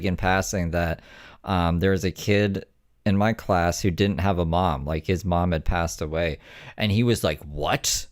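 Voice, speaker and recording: A man's voice: low-pitched, no room sound, clean studio sound. A man chatting casually and telling rambling, profane, wry anecdotes. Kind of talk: casual chat, storytelling.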